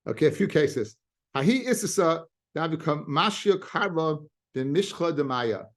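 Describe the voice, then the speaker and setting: A rabbi with a fairly high, lively voice leads a daily Talmud class, reading Aramaic phrases and explaining them in casual English. He moves quickly between Hebrew-Aramaic terms and English, often restarting his sentences.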